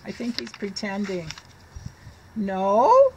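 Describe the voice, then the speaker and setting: A middle-aged woman reads picture books to a child, slow and animated, and stops often to ask questions. Her voice is fairly high and bright, with a faint hum of the room behind it. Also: muffled recording. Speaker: reading teacher.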